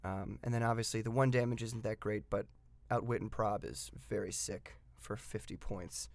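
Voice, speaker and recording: A man talks through his favorite tabletop game pieces in a relaxed, excited way, full of ums and uhs. He reads the rules aloud, then chimes in with his own take. His voice sits at a middle pitch, and the recording is dry, with no room sound. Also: no room sound. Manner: chatty and enthusiastic, with frequent fillers. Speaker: tabletop miniatures game reviewer. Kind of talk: casual hobby review.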